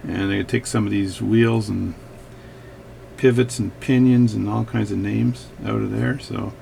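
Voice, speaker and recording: A man's voice: fairly low pitch, fairly even intonation, a little slow, gravelly, dark tone, a little hiss or hum. A man hosting a watch repair video, chatting casually with rambling, joking asides at his workbench.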